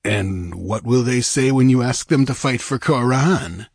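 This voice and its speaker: A man's voice: medium pitch, animated, moderate pace, breathy edge, no room sound, clean studio sound. A man doing a hot-tempered bandit chief. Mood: angry, menacing. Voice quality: commanding, sardonic.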